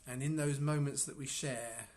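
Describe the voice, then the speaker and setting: Musing man giving a halting Bible reflection. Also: medium pitch, fairly even intonation. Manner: musing, halting, with frequent restarts and soft chuckles. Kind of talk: informal devotional reflection.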